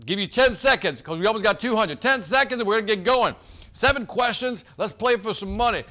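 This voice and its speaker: A man's voice: high voice, expressive, brisk, bright, forceful tone. A man hosting a live sales team quiz, hyped and joking, calling out players by name.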